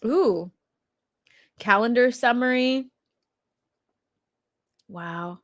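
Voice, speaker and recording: A woman's voice: a little high, drawn-out words, dry recording, studio quality. A young adult woman hosting a casual livestream, chatting with viewers and laughing often. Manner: chatty with lots of fillers. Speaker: livestream host. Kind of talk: casual live chat with viewers.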